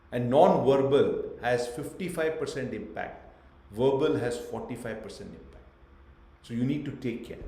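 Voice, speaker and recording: A man's voice: mid-range voice, a little mellow, reverberant. Emphatic male trainer on a video call. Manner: emphatic, lists points in short bursts; asks the class questions. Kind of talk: online training lecture. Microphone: webcam on a video call.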